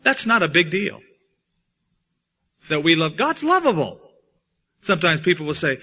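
Bright, husky-voiced male preacher. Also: high-pitched, sing-song, normal speed, pauses often. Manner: dramatic preacher, swings from loud to hushed. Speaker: pastor. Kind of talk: sermon. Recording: dull lo-fi sound.

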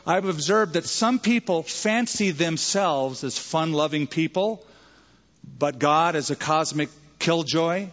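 A man's voice: fairly high pitch, takes it slowly, fairly bright tone. A male pastor preaching a sermon in a conversational way, acting out the people he quotes. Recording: dull sound with long church reverb.

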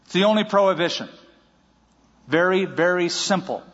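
Man, pastor, sermon, lively joking storyteller, husky, long hall echo. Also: high voice, moderate pace. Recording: dull audio in a reverberant hall.

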